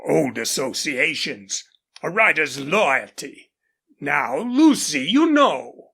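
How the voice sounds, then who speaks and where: Woman putting on a older rancher father, husky, slow drawl, lively pitch, audiobook character. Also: exaggerated voice. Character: gruff older male rancher, horse-proud indulgent father.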